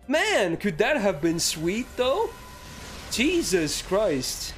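Game streamer, casual, swears a lot, lively pitch, slow delivery, faint music underneath. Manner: swears freely, breaks into frantic yelling; reads and answers chat. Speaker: livestreamer. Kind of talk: casual live gameplay chat.

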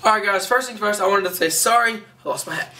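A young man giving a rambling, excitable vlog update, heard through a camera mic a little way off. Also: sits high, fast, distant mic, noisy background. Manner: rambling, excitable, self-correcting. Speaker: vlogger.

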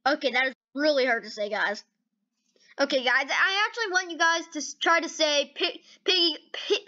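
In dull-sounding audio, a high-voiced woman at normal speed hosts a gaming video. Her reaction commentary is casual, excitable and chatty, full of repeated "okay"s and "dude"s.

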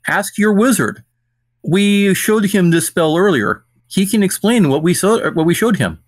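A man with a slightly raised pitch plays his adventurer in a tabletop game, speaking formally and earnestly to a king. The sound is dry and close, with no room around it. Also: animated, a little slow, no echo. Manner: formal, earnest in character speech. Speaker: player. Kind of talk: playing a character in a tabletop game.

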